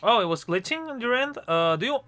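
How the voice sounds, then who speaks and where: A man's voice: very high-pitched, very animated, fast, sharp tone. A man from Chile streaming live as a tarot reader, chatting casually with viewers in a scattered, intense way while juggling several things at once. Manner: intense, scattered, talks to chat while multitasking.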